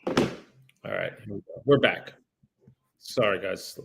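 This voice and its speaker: With music playing in the background, a man with a lowish, gravelly voice speaks slowly. He's a real estate broker doing livestreamed cold calls, relaxed and swearing in frustration with viewers but polite and formal once a call connects.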